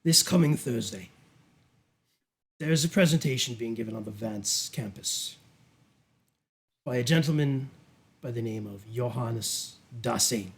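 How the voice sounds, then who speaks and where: A man voicing a cruel, sinister old male duke in a tabletop game, speaking in a slow, soft, menacing purr. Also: medium pitch, creaky, pitched below the performer's own voice. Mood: coolly menacing.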